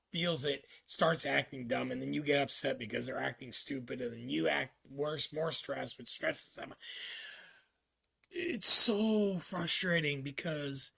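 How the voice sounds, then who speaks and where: A man with a gravelly, husky voice that still carries a sharp, tense edge. He talks to camera in a casual personal vlog, thinking aloud in a halting, reflective way, full of ums and restarts. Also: mid-range voice. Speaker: vlogger.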